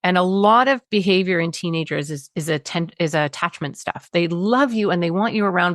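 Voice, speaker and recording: A woman, a parenting expert telling stories in an interview, animated, acting out quotes and laughing often. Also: on the low side, a little fast, few pauses, no room sound, clean studio sound. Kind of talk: conversational storytelling interview.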